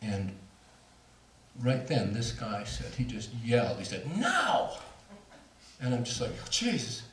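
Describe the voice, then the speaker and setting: A man's voice: fairly low pitch, fairly even intonation, moderate pace, a little mellow, slight background noise. Middle-aged man telling a story from far off. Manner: candid, self-mocking, laughs through the story. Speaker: speaker. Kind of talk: storytelling talk to an audience. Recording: roomy hall, voice from far off.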